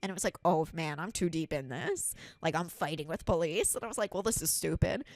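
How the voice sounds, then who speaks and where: A young adult woman hosting a podcast, telling stories in casual comedic chat, animated and profane, acting out what people said. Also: lowish voice, fairly quick, no room sound. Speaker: podcast host.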